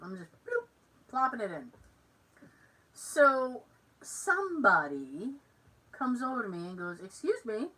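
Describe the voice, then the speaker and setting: Lively Massachusetts woman telling a story. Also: on the high side, slow pace, long pauses, distant mic, rough recording. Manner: animated, acts out other people's lines in the story. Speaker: podcast co-host. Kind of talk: casual storytelling chat.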